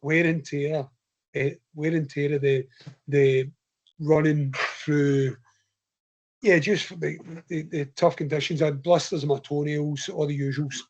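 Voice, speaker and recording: A man's voice: fairly high pitch, steady tone, a little slow. A man with a Scottish accent, a podcast guest telling a chatty, rambling anecdote in a casual way and laughing often. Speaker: podcast guest, ultra runner. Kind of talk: casual storytelling. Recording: slightly dull lo-fi podcast audio.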